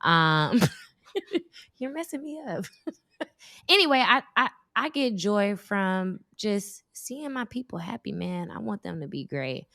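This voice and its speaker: In a dry recording, a woman in her thirties speaks slowly in a creaky, mid-range voice. A guest in a casual chat, she tells animated stories packed with acted-out quotes.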